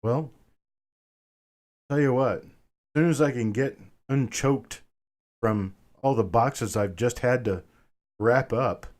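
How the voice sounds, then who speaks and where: A man's voice: mid-range voice, slow, long pauses, a little mellow. Chatty man hosting a live coin auction. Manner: chatty, answers chat comments by name, calls viewers brother. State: a bit winded. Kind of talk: casual live-stream chat with viewers.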